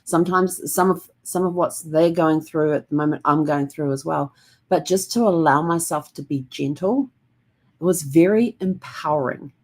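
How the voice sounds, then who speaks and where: A woman with a notably low voice hosts a reflective vlog. She talks gently and calmly, wandering through her thoughts with plenty of ums. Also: normal speed. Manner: gentle and calm, rambling with many fillers. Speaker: host.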